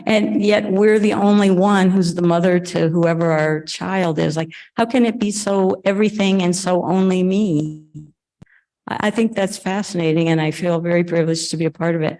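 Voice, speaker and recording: A woman's voice: lowish voice, dark tone, low-quality recording. A woman speaking earnestly and effusively at a club event, interviewing a guest, often restarting her sentences. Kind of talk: emotional conversational talk at an event.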